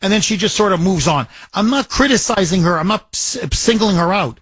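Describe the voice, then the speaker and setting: A man's voice: high voice, expressive, fairly quick, fairly bright tone, breathy edge, no echo. A man hosting a political talk radio show, delivering an impassioned, emphatic monologue full of repetition.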